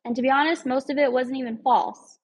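A woman's voice: sits high, steady tone, brisk, breathy edge, poor audio. A woman speaking in an earnest, emphatic way, giving a casual motivational talk with some rambling asides.

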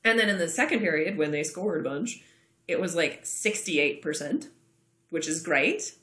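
Female podcast co-host, chatty and bright, roomy reverb. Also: lowish voice, lively intonation, normal speed. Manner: chatty, laughs often. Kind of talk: casual sports chat. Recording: roomy echo.

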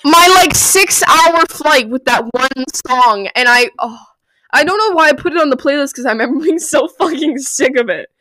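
A young woman chats through her old playlists on a solo podcast, swearing freely and bursting into loud laughs. Her voice sits a little high. The sound is dry and close, with no room around it. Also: normal speed, no room sound. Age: young adult. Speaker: podcast host. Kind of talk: casual solo podcast chat. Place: bedroom.

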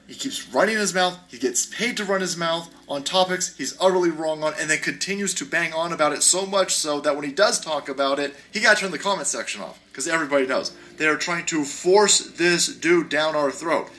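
Guy, podcast host, fairly high voice, bright and forceful, sarcastic, swearing, heated rant. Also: lively intonation, moderate pace. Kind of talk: ranting podcast commentary.

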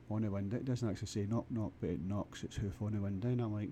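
A Scottish man rambles through a comic monologue, crude and full of repeated restarts. His voice is lowish and very dark and mellow. Faint background noise runs behind him. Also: fairly even intonation, brisk. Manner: crude, with frequent stammered restarts. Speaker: vlogger.

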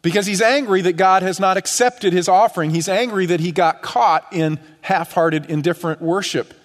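A middle-aged male pastor preaching an earnest sermon, pushing up on questions and sinking low on key phrases. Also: normal speed. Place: church sanctuary. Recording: long church reverb.

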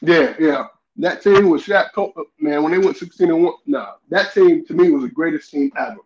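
A male podcast guest talks about basketball in an animated, laughing way. His voice is slightly high for a man. The sound comes over a muffled, roomy-sounding connection. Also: moderate pace. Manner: animated, laughing, throws questions back to the host. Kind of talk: casual sports debate. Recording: dull echoey remote line.

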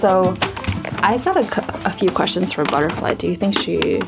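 Gentle woman podcast host narrating. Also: lowish voice, lively intonation, moderate pace, vocal fry, loud music behind the voice. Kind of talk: scripted narration and interviewing.

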